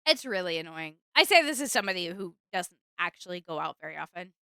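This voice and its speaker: A young woman streamer chatting casually with her viewers, rambling and animated. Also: on the low side, fast talker, gravelly, no room sound. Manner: chatty, rambling, animated, with fillers and bursts of exasperation.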